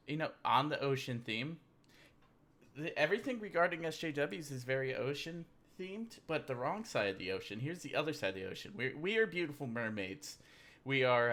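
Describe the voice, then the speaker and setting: A man hosting a loose, rambling livestream, cracking jokes as he goes through memes with a beer in hand. His voice is bright and sharp, with a chatty and offhand delivery. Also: mid-range voice. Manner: rambling, joking, drinking beer. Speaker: livestream host. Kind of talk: casual livestream meme commentary.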